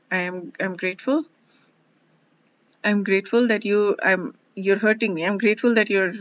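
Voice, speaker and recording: A woman hosting her own verse-by-verse study, talking earnestly and haltingly with many restarts as she reflects and explains. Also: mid-range voice, fairly bright tone. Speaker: host studying scripture one verse a day. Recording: dull lo-fi sound.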